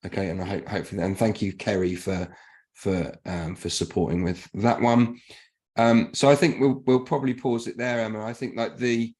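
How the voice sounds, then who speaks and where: Chatty man, low voice. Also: steady tone, moderate pace, a little mellow. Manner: chatty, rambling thanks and recaps. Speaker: workshop host. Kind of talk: casual hosting of an online workshop.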